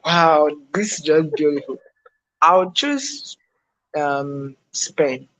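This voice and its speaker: A man guesting on a podcast interview, answering in a relaxed, easygoing way. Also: fairly high pitch, slow pace, rough recording. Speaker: guest, email marketer.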